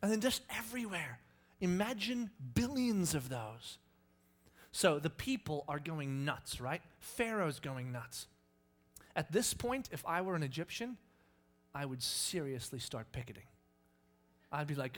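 Man preacher, fairly high voice, playful, acts out his stories. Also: a little slow. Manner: animated, acts out scenes with sudden yelps. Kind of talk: sermon with lively storytelling.

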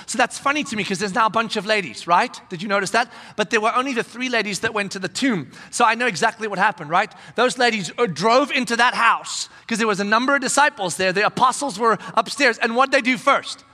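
A male pastor preaching a sermon with animated storytelling, swinging from loud to hushed whispers. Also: high-pitched, fast talker, hardly any pauses. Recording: long reverb in a large hall.

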